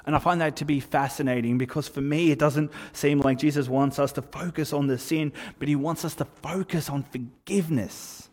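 A man preaching a sermon in a relaxed, conversational way, telling stories with lively asides. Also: fairly high pitch, normal speed, hardly any pauses, in a large hall. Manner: conversational, animated storytelling with asides. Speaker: pastor.

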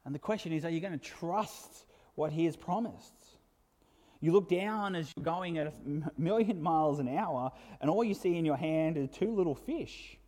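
A man preaching a sermon in an earnest way, building to emphatic peaks and dropping to soft asides. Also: fairly high pitch, moderate pace. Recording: long hall reverb.

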